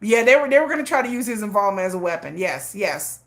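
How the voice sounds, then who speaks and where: A woman's voice: medium pitch, very animated, fast, fairly bright tone. A woman hosting a casual livestream, talking emphatically, often repeating herself and laughing. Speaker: livestream host.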